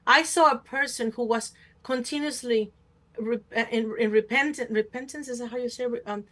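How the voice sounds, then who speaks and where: A woman's voice: fairly high pitch, moderate pace, fairly bright tone. A woman hosting a talk show, telling a personal story and acting out other people's voices. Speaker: host. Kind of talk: casual talk show conversation.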